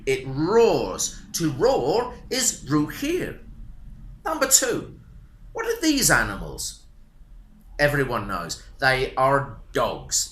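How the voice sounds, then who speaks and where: A man teaching a beginner language lesson, speaking slowly with a lot of repetition and animated intonation. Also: on the high side. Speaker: English teacher. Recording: roomy echo.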